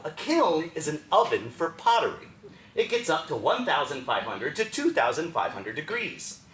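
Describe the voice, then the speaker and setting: A man performing a one-man theatrical storytelling show with an American accent, animated and acting out other people's lines. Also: a little high. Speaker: solo stage performer. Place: small theater stage. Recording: echoey theater room with faint ambience.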